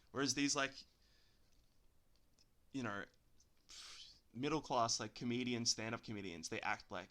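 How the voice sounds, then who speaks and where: A man's voice: mid-range voice, lively intonation, normal speed, long pauses, sharp tone. A man with an Australian accent hosting a casual podcast chat, rambling through asides and laughing often. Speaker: podcast host.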